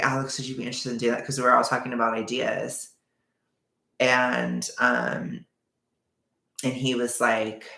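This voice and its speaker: A man's voice: mid-range voice, creaky, sharp tone, roomy sound. A young man telling a personal story in a casual, rambling way, full of fillers and quoted back-and-forth.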